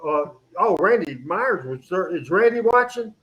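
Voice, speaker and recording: A man hosting a radio show in casual studio chat, energetic and rambling, with many fillers and restarts. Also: sits high, normal speed, dull audio, crowd noise.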